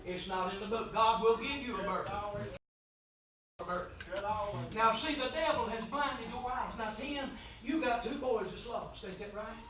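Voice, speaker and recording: High-voiced preacher in an echoing church. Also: male voice, moderate pace. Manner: swings between soft pleading and loud shouting. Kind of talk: impassioned revival sermon. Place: church sanctuary. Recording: very echoey church from far off mic.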